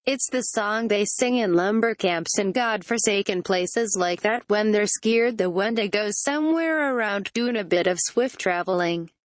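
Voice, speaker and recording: A text-to-speech female voice reading the lines of an uneasy, superstitious male backwoods guide in rural dialect, with a flat synthetic delivery. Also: medium pitch, unhurried, few pauses, no room sound, lightly acted.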